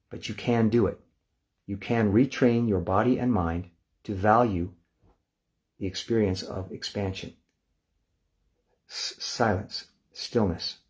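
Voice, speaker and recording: An older man leading a guided relaxation lesson, calm and unhurried, counting down softly and easing into hushed releases. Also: lowish voice. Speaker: meditation instructor.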